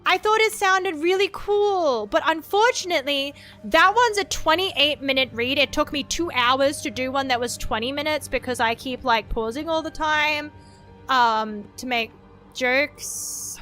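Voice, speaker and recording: A woman's voice: high voice, bright, forceful tone, soft background music. A woman with an Australian accent chatting casually on her stream, rambling and restarting her sentences and swearing now and then. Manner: rambling, halting, with frequent restarts. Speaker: VTuber streamer. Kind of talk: casual live-stream chat.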